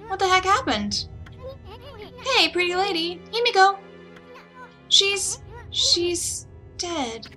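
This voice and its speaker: A woman's voice: very high-pitched, big pitch swings, takes it slowly, pauses often, pushed and bright, voice pushed up, heavily acted. A woman voicing a tiny, cocky, flirty male wandering artist in a video game. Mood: brash. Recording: game music behind voice.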